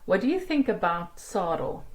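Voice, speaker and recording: A woman teaching a language lesson online, explaining grammar and sounding out example words slowly and carefully, with quick asides. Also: medium pitch, sing-song, darkish tone, poor audio.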